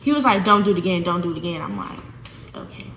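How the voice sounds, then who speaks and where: Chatty young woman telling a story, bright and echoey. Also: on the low side, fast talker. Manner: animated, chatty, addresses viewers as y'all. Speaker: vlogger. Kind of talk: casual storytime. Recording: echoey room with faint noise.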